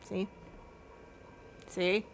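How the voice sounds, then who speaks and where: A woman's voice: drawn-out words, a little hiss or hum. Chatty, giggly woman streamer. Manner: chatty and giggly, baby-talking to her cat. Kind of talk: casual chat with stream chat.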